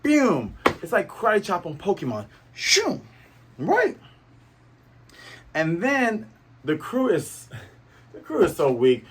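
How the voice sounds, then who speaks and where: Speaking slowly with frequent pauses, this manga review host has a high, sing-song voice with a breathy edge. He reviews a comic chapter in a rambling, playful way, filling it with fillers and remarks to his viewers.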